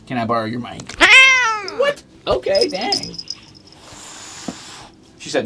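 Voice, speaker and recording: A man's voice: mid-range voice, wildly swooping pitch, measured pace, pauses often, very noisy. Playful man scolding his cats on stream. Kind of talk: casual chat with pets on stream. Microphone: desk mic.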